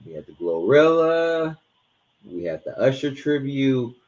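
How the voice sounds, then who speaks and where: A man co-hosting a casual podcast, retelling stories with animated, profane, dramatic flair. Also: mid-range voice, measured pace. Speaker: podcast co-host. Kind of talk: casual sports and culture chat.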